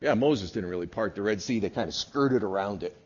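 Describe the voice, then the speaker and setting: A man who is a pastor, preaching a sermon with emphatic peaks that drop to quiet asides. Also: lowish voice, expressive, brisk. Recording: dull lo-fi recording.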